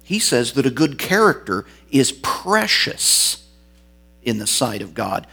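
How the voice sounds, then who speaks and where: Husky-voiced male pastor preaching. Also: medium pitch, big pitch swings, slow, pushed and bright. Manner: expository preaching, varied emphasis. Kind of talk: sermon.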